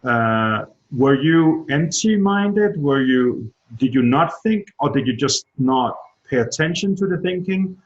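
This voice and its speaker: A man interviewing a guest and asking halting, restarted questions. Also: mid-range voice, animated, lo-fi sound, a little hiss or hum.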